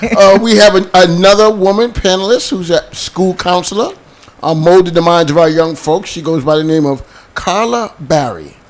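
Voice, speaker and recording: A man's voice: high-pitched, moderate pace. A man hosting a talk show panel, joking and bantering with his co-host.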